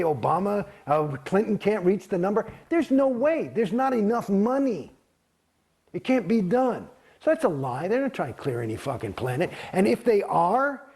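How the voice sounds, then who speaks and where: A man's voice: high-pitched, darkish tone, husky. A man giving a candid interview, blunt and heavy on profanity, rambling with frequent restarts. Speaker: interview guest.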